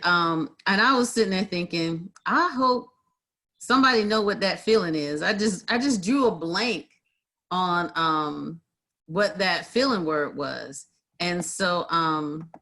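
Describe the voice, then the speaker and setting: Woman mediator co-hosting a livestream: animated storyteller, lowish pitch, bright and forceful tone, video call. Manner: animated storyteller, acts out quotes, many fillers. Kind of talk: casual conversational chat.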